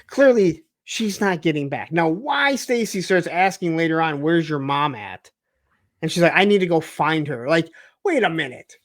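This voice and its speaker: A man from the Detroit suburbs co-hosting a casual TV recap, telling the story in an animated way and acting out the characters' lines. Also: fairly high pitch, moderate pace, no echo. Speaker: podcast co-host.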